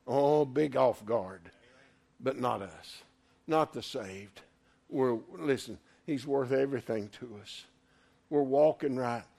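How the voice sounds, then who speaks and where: A man preaching a sermon, fervent, swinging from loud exclamations to quiet asides. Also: medium pitch, slow, vocal fry.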